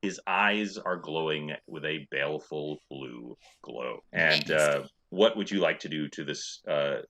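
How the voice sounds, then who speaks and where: A man running a tabletop game as game master, narrating scenes in a relaxed way with many fillers. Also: rumbling low, a little slow. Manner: descriptive, relaxed with frequent fillers.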